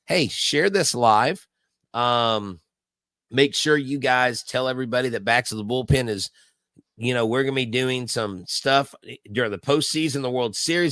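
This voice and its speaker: A man's voice: medium pitch, normal speed, a bit bright, no echo. A middle-aged man, hosting a casual live watch-along stream and telling stories in a chatty way, with fillers and restarts. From Houston, Texas. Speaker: livestream host.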